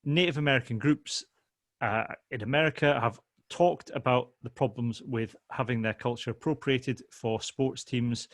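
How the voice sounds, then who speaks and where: A man's voice: medium pitch, fairly bright tone, dry recording. A man hosting a casual podcast chat, explaining at length with frequent ums and hesitations. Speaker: podcast host.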